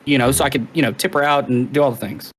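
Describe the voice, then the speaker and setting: A man co-hosting a podcast, telling a story in casual chat with plenty of swearing and animated asides. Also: medium pitch, quick pace, husky. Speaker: podcast co-host.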